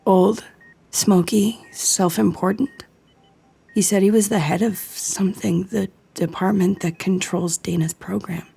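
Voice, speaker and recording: A woman voicing an ill, feverish teenage girl with a hoarse, hushed, breathy voice. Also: medium pitch, steady tone, a little slow, full character voice. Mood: frightened, weak.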